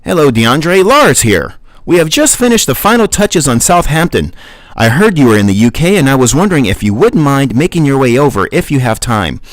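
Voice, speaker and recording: A man's voice: medium pitch, sing-song, a little fast, no room sound, pitched above the performer's own voice, close to an everyday voice. A man voicing a cheerful male developer leaving a courteous voicemail. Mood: upbeat. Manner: upbeat, courteous voicemail delivery.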